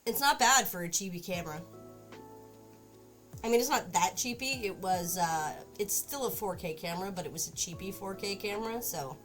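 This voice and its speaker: A woman chats loosely on a home craft livestream, drifting into a cooing pet voice whenever her cat wanders into frame. Her voice sits at a middle pitch. Faint music plays quietly behind her. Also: moderate pace. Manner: chatty, talks baby-talk to her cat. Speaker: streamer. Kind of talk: casual livestream chat.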